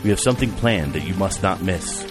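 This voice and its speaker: A man voicing a grieving old man who speaks slowly and gravely. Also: sits low, expressive, over music. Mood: solemn.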